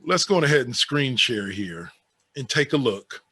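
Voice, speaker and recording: A man's voice: mid-range voice, very animated, normal speed, sharp tone, slightly rough. A man co-hosting a casual podcast, reading out a list of awards and adding sarcastic, offhand asides. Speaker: podcast co-host.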